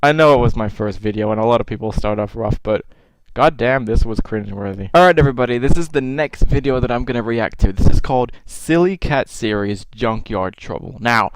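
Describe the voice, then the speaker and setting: A man's voice: medium pitch, fairly quick, hardly any pauses, smooth, no room sound, low-quality recording. A young man casually commenting on his own old videos, self-mocking and swearing freely, with exasperated outbursts.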